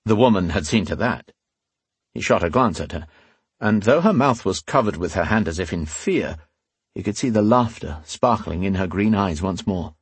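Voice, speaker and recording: A man reading a fantasy audiobook aloud in steady, scripted narration. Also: low voice, moderate pace, husky, no echo.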